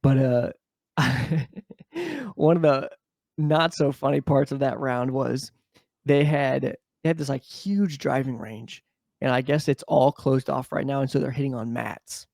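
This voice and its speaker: A man's voice: mid-range voice, a little slow, vocal fry, dry recording. A man co-hosting a podcast in casual chat, telling stories with lots of swearing and acting out the people in them. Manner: profane, animated storyteller, mimics people. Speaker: podcast co-host.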